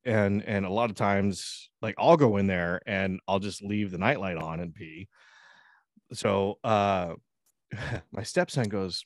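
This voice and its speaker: A man's voice: on the low side, measured pace, no echo, clean studio sound. A man in his thirties co-hosting a podcast, telling a loose, profane family story with voiced quotes. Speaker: podcast co-host. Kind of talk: casual podcast chat.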